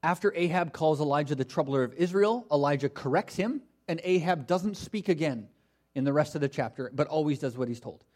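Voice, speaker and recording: A man's voice: fairly high pitch, expressive, fairly quick, a little mellow. A male pastor preaching a sermon, reading scripture and mocking the false prophets with humorous asides.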